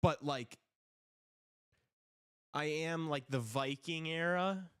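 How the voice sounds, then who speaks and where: Man, casual live-stream host, slow rambling talk, smooth voice, dry close mic. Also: on the high side, no room sound. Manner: laid-back, rambling, swears casually. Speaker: podcast host.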